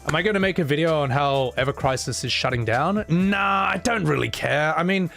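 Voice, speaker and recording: A man's voice: fairly high pitch, lively intonation, brisk, creaky, fairly bright tone, soft background music. A man streaming live, reading out chat messages and answering in a rambling, casual way with lots of fillers and chuckles.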